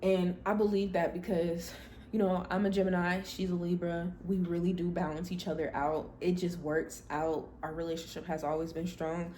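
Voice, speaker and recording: A young adult woman hosting a podcast, telling a personal story in a candid, blunt and expressive way. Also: lowish voice, moderate pace, slight background noise. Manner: blunt, expressive, animated when quoting herself. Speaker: podcast host.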